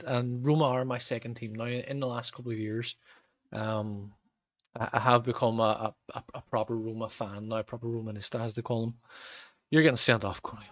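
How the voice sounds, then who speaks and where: A man's voice: medium pitch, dry recording, highs cut off. A man in his thirties with a Northern Irish accent, streaming a football management game and chatting with viewers, rambling with lots of ums. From Northern Ireland. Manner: rambling, frequent ums, reacts to match events. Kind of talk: live gameplay commentary with chat.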